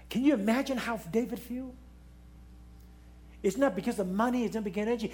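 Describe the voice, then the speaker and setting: A man preaching a sermon in non-native English, swinging between raised exclamations and hushed, low pleading. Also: lively intonation, brisk.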